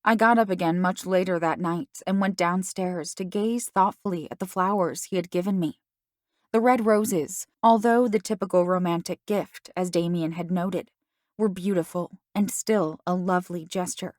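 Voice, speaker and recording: A woman narrating a first-person audiobook in a measured, reflective way. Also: lowish voice, fairly even intonation, darkish tone, no echo, clean studio sound.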